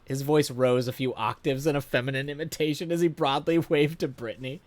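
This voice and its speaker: A man streamer reading a viewer's story aloud, with animated laughing asides and frequent self-corrections. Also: a little high, brisk, few pauses, no room sound.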